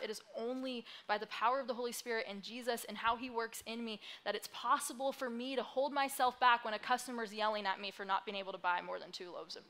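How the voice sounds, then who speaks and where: Twenty-something woman preaching, bright voice, talks casual and pokes fun at herself. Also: mid-range voice. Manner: conversational and self-deprecating, with light laughs. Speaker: pastor. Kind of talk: sermon.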